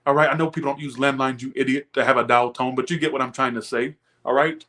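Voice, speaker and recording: A young male tarot reader with a mid-range voice, bright and forceful, keeps a steady tone at a quick pace. Giving a reading on a live stream, he rants profanely, chats with his viewers, and laughs often.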